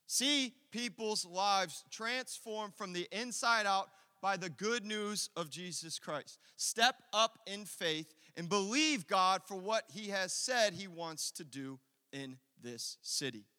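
A man preaching an impassioned sermon as pastor in a church, loud and rousing, leading his congregation in call-and-response. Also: sits high, lively intonation, slow, clear, resonant tone, long reverb tail. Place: church sanctuary.

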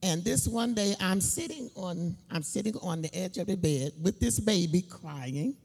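A middle-aged woman giving a personal testimony in church, telling her story slowly and emphatically, laughing between lines. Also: fairly low pitch, animated, creaky, darkish tone, breathy edge. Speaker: church speaker. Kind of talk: sermon testimony. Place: church building. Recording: long hall reverb.

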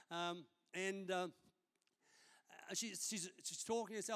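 High-voiced pastor preaching. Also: male voice, brisk. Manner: conversational storytelling preaching. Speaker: senior pastor. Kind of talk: sermon. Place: church service.

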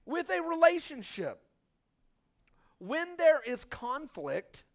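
A man preaching a sermon to a congregation, joking and urging the crowd with "come on, somebody", swinging between loud bursts and quiet asides. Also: extremely high pitch, animated, measured pace. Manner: humorous, call-and-response urging "come on somebody". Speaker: pastor. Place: church before a congregation.

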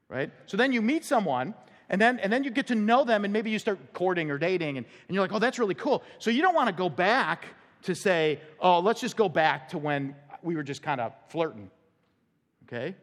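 A man's voice: high voice, animated, a little fast. A man preaching a conversational sermon as pastor, acting out quotes and laughing along the way. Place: church sanctuary. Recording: long church hall reverb.

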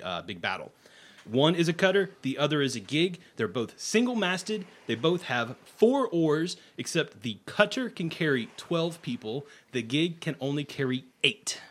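A man's voice: on the high side, fairly bright tone. A man running a tabletop game as game master, explaining the scene plainly with side jokes.

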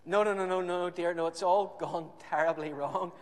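Brief: man playing a vain, stammering advisor caught out, high voice, echoey hall. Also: steady tone, moderate pace, close to an everyday voice. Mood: flustered. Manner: flustered, stammering. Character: vain royal advisor, flustered and proud.

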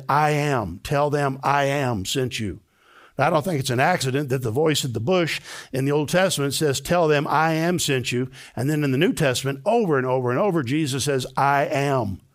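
An older man, a pastor, preaching a sermon with emphatic delivery that climbs to high, excited peaks.

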